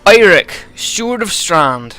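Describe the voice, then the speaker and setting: Brief: man doing a blunt, raised-voice West Country steward, gruff and bossy. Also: high voice, very animated, slow, bright, forceful tone, soft background music, pitched above the performer's own voice, heavily acted. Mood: stern. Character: brusque male steward, loud and stern.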